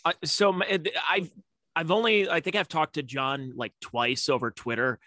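A man with a bright, fairly high voice trades stories on a comedy podcast and laughs a lot. His tone is tense and crisp. The mic is close and dry. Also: steady tone, normal speed, no echo. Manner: laughs often, chatty anecdotes. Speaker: podcast co-host. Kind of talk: casual comedy podcast chat.

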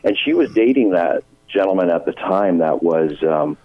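A man's voice: low-pitched, moderate pace, phone-quality sound. A man, a guest on a talk show, telling stories from his TV career and acting out what people said. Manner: animated anecdotes with voiced quotes. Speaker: guest, former TV shopping host. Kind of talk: storytelling in a casual chat.

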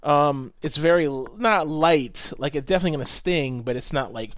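A man telling a story in casual chat, animated, swearing often and acting out what people said. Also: on the high side, brisk, dry recording.

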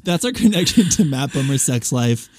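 A young man co-hosting a podcast in a playful, chatty way with quick asides. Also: medium pitch, sing-song, a little mellow, a little hiss or hum. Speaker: podcast co-host. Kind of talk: casual chat.

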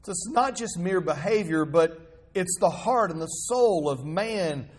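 A man's voice: sits high, lively intonation, a little slow, darkish tone. A male pastor giving a sermon in a conversational, storytelling manner, asking the congregation rhetorical questions.

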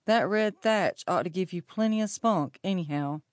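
A woman's voice: lowish voice, measured pace, no echo, studio quality, lightly acted. A woman reading an audiobook, voicing a blunt male trail boss who asks short, curt questions. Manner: terse, questioning.

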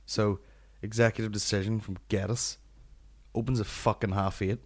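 A man's voice: lowish voice, little pitch movement, normal speed. A man with a Northern Irish accent hosting a comedy podcast, rambling and swearing as he rants. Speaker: podcast host.

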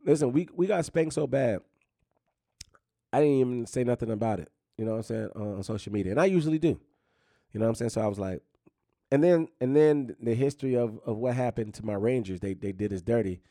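A man's voice: mid-range voice, a little fast, dark tone, no echo, studio quality. A man hosting a casual sports talk show, rambling and repeating himself with lots of "you know what I'm saying". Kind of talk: casual sports news chat.

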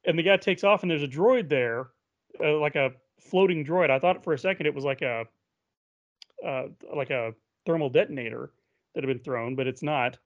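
A man's voice: on the high side, moderate pace. Man recapping a story, lo-fi. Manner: retelling a story, frequent "uh" and "he says". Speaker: podcast co-host. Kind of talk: casual recap chat. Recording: muffled lo-fi recording.

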